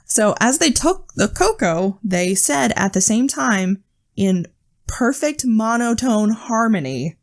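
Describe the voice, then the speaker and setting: Speaking slowly but in a very animated way, this woman has a higher-pitched voice. She co-hosts a podcast, sharing creepy tales casually, full of curse words and jittery laughter.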